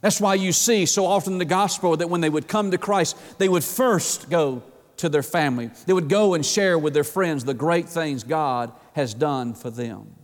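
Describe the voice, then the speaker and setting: A man's voice: fairly high pitch, normal speed. A middle-aged man, a pastor, preaching a sermon in a folksy, emphatic way, with repeated phrases and direct appeals to the congregation. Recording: long reverb of a large hall.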